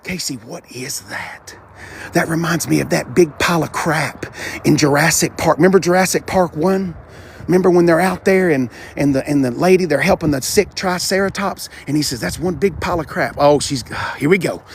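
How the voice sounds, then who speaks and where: A man vlogging on a car dealership lot, chatty and animated, talking to the cars and his viewers. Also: on the high side, a little fast, vocal fry, slight background noise. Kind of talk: live-streamed dealership walkaround.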